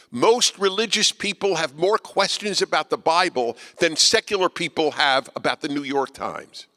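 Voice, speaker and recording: A man giving a speech to a live audience, emphatic and combative with a wry edge, his voice swinging between quiet asides and loud, pointed lines. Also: fairly high pitch. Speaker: guest speaker. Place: auditorium with an audience. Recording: reverberant hall.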